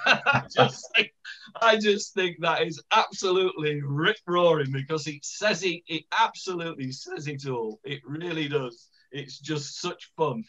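A man comments with enthusiasm after a local-history lecture. His voice is bright and forceful, a little high. He joins from a video call, and the audio sounds dull and lo-fi. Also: a little slow. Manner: animated, enthusiastic.

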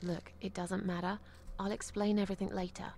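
A woman's voice: medium pitch, level tone, a little fast, heavy background noise, natural voice. An actress voicing a kidnapped woman in a video game, tense and clipped. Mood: grim. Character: troubled woman kidnapped, desperate and defiant. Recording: game audio with loud music.

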